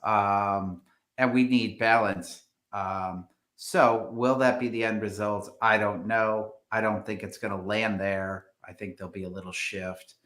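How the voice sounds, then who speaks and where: Real estate agent: man, lowish pitch, halting and filler-heavy, in an echoey room. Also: fairly even intonation, a bit bright. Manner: hesitant, many fillers and restarts. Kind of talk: live stream market discussion.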